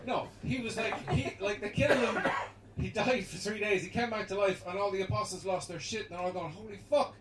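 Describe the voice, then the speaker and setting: A young Irish man doing live stand-up in a small basement comedy room, rambling and chuckling through his jokes with sudden shouted bits. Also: high voice, brisk. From Ireland. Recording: echoey basement gig, distant mic, loud noise.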